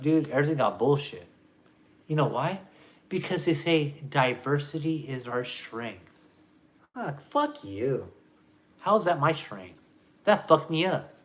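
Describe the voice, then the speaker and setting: A man ranting to camera as a vlogger, profane and emphatic, swinging between loud jabs and low mutters.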